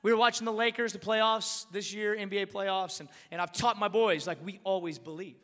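A man preaching a storytelling sermon, animated and emphatic, repeating words and rising to shouts at his peaks. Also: high-pitched, a little fast. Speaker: pastor. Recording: long hall reverb.

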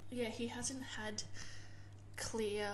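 A woman co-hosting a book podcast, chatting in a relaxed, filler-heavy way. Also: a little high, very slow, a loud crowd. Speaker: podcast co-host. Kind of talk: casual book-review chat.

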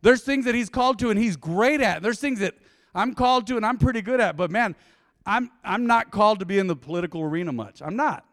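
A man preaching a sermon as pastor, conversational and lively, with sudden loud bursts and quiet drops. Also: high-pitched, fast talker, big-room sound.

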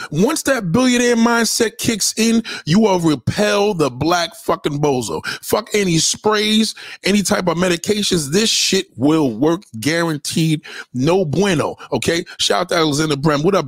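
A man hosting a casual livestream, giving shout-outs to viewers and ranting in a profane, confrontational way. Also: high voice, no echo, studio quality. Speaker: livestream host.

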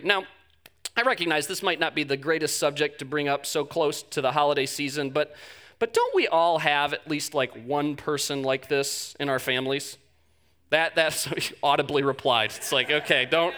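Male pastor, high bright voice, animated humorous sermon delivery, stammery. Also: fairly quick.

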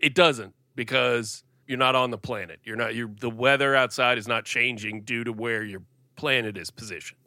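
A man co-hosting a comedy podcast, picking apart a detail with earnest, pedantic explanations. His mid-pitched voice is bright and forceful, recorded dry and close with no room sound. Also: fairly even intonation, normal speed, dry recording. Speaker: podcast co-host. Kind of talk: casual comic chat.

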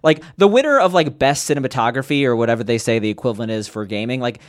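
A young man co-hosting a casual gaming podcast, talking in an animated, rambling way with many restarts and fillers. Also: mid-range voice, fast talker. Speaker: podcast co-host. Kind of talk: casual chat.

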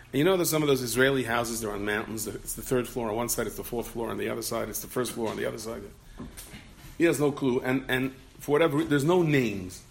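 A man, a rabbi, giving an animated Torah talk, telling a story and acting out the voices in it, with many Yiddish and Hebrew terms. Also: mid-range voice, gravelly.

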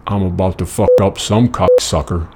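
A man voicing a brutish, threatening giant in a gruff voice. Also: low voice, normal speed, background noise. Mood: menacing. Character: brutish menacing male giant.

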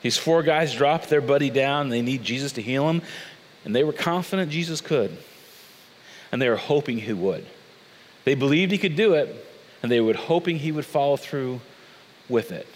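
A man preaching a sermon as a pastor, telling the story in a conversational, animated way with casual asides. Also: mid-range voice, normal speed, pauses often. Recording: long reverb of a large hall.

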